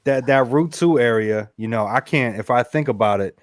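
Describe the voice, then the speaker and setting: Easygoing co-host, dry close sound. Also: male voice, mid-range voice, moderate pace, no echo. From central Massachusetts. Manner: easygoing, reflective, laughs often. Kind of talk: casual chat.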